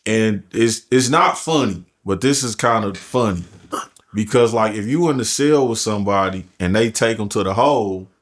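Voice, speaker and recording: A man's voice: lowish voice, moderate pace. A man telling a prison story in casual, profane street talk as a podcast guest. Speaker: podcast guest, formerly incarcerated.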